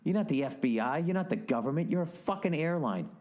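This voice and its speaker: A man's voice: on the high side, expressive, fast, darkish tone. A man hosting a podcast, delivering an exasperated, heavily profane solo rant with sarcastic, mocking asides. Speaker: podcast host.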